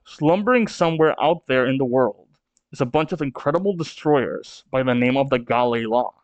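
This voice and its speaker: A man reading the lines of a brash, ambitious male pirate captain in a gruff, boastful tone. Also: medium pitch, no echo, highs cut off, natural voice.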